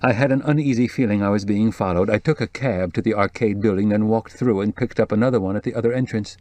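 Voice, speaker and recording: A man reading the part of a jumpy, anxious young woman with a low, breathless voice in an audiobook. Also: quick pace, dark tone, no echo, lightly acted. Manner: nervous, jumpy, worried.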